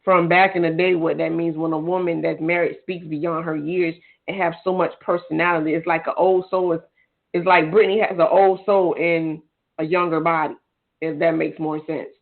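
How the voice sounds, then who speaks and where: A woman's voice: lowish voice, level tone, normal speed, creaky. A woman co-hosting a podcast in casual chat, chatty and gushing with a teasing streak. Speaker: podcast co-host. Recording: tinny phone-line sound.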